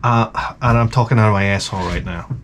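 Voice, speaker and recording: A man's voice: fairly low pitch, fairly quick, heavy background noise. A man giving blunt, profane advice in a rambling comedic rant, a little tipsy from beer. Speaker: advice vlogger answering viewer questions.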